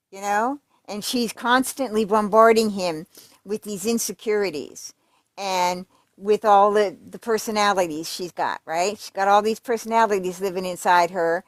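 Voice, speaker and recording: A woman's voice: mid-range voice, no room sound, clean studio sound. Woman reading letters in casual commentary. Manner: conversational, fillers and restarts, emphatic asides. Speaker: true crime commentator.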